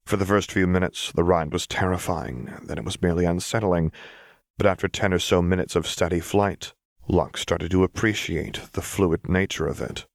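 A man reading a fan-fiction story aloud as narrator, with steady storytelling. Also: low-pitched, moderate pace, creaky, dry recording, studio quality. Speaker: audiobook narrator. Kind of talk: scripted narration.

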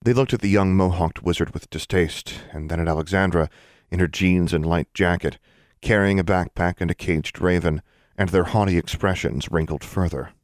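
A man narrating a fantasy novel for a podcast in a steady, even reading style. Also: low voice, normal speed, no echo, studio quality. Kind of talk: scripted narration.

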